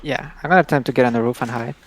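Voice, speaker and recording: A man playing a tabletop game, hesitant and quick to react. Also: mid-range voice, steady tone, a little hiss or hum. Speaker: player. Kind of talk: tabletop role-play.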